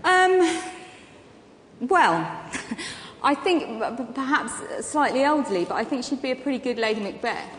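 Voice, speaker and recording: A woman's voice: sits high, animated, measured pace, a bit bright, slight background noise. Chatty woman in an echoey hall. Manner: chatty anecdotal storytelling with frequent ums and laughs. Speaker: guest actress and comedian. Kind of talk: on-stage festival interview. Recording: echoey hall with long reverb, faint ambience.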